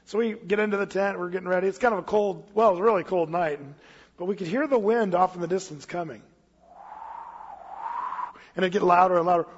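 A fairly high-voiced man preaching in an easy, chatty way, slowing down whenever he reads scripture aloud. His voice carries a long hall reverb, and the recording sounds slightly muffled. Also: husky. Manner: casual, storytelling, reads scripture slowly. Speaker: pastor. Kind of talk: expository sermon.

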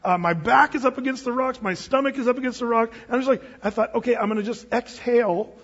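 Give me an animated male pastor, high and husky, recorded dull with a long hall reverb. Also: fast talker. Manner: animated storyteller, laughs at own tale. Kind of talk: storytelling sermon.

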